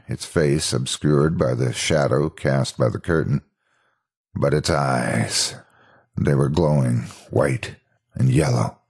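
A very deep male voice with a heavy gravelly fry and a husky breathiness. He reads a first-person horror story slowly and dramatically. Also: a little mellow. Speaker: narrator.

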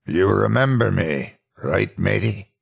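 A gruff old pirate fox animatronic , as a man puts him on, drawling slowly in pirate talk. The voice sits low and gravelly with a husky edge. It's a spoken storybook reading. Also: expressive, full character voice. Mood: fond, gentle.

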